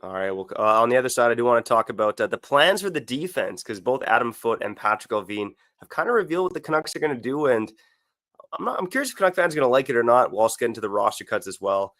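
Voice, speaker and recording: Male podcast co-host, relaxed and hedging, mid-pitched voice. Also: fast talker, dry recording, clean studio sound. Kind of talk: casual sports podcast chat.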